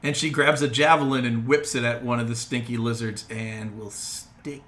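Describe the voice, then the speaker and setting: Bright-voiced man running a tabletop game. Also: mid-range voice, flat delivery. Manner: loose, laughing, quick asides. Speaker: game master.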